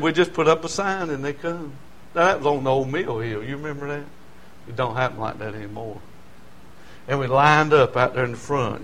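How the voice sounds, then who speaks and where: A man's voice: on the high side, a little hiss or hum. Folksy man preaching a testimony. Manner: folksy storytelling, swings from quiet to shouting. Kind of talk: sermon testimony.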